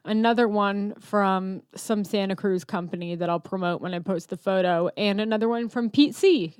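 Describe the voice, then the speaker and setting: A woman's voice: mid-range voice, normal speed, darkish tone, clean tone, dry recording. A woman hosting a podcast in a studio, chatting candidly and joking with plenty of swearing. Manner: candid, profane, jokey. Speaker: podcast host. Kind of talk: casual podcast chat.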